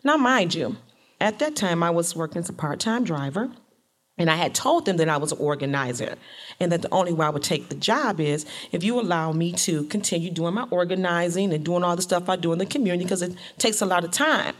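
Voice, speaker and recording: A woman from Detroit, a home care worker and organizer, telling a personal story in a lively, colloquial way, acting out her own reactions. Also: on the low side, fairly quick. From Detroit, USA.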